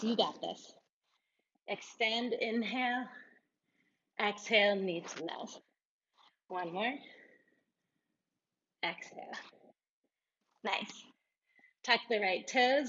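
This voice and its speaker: Female yoga teacher, unhurried encouraging cues, slightly muffled recording. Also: medium pitch, slight background noise. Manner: calm, encouraging cueing with breathy laughs. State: out of breath at times. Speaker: yoga instructor. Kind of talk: guided yoga class cues.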